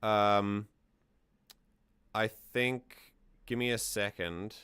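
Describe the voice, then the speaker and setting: Clear, low-voiced man musing on lyrics. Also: fairly even intonation, very slow, a bit bright, no echo. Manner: musing, thinks aloud with restarts. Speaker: stream host. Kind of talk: casual lyric analysis on a livestream.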